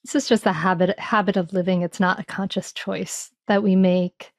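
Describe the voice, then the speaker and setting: A reflective woman speaks as an interview guest about her own experience, circling back and restarting her thoughts with many "you know"s. Her voice sits at a middle pitch. The recording is dry and close, with almost no room sound. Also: little pitch movement, moderate pace, dry recording. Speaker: parenting author guest. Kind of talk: conversational interview answers.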